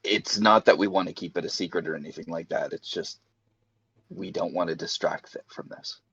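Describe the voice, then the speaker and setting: A man's voice: low-pitched, steady tone, a little fast, gravelly, a bit bright, husky, no echo. A man playing in a tabletop game, giggly and a bit hesitant. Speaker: player. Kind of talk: casual tabletop play. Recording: dull lo-fi sound.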